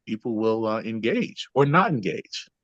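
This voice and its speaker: A man's voice: fairly low pitch, sing-song, normal speed, fairly bright tone, dry recording. A man speaking as a podcast guest and trainer, explaining ideas conversationally and checking in with the listener often. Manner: keeps adding "right?" to check in. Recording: dull lo-fi, dry.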